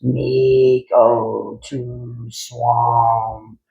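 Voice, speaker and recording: A man voicing a simple, dim-witted male frog creature in a storybook, speaking in slow, low, broken phrases. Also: flat delivery, creaky, dark tone, highs cut off. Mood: dull. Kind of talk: storybook character voice.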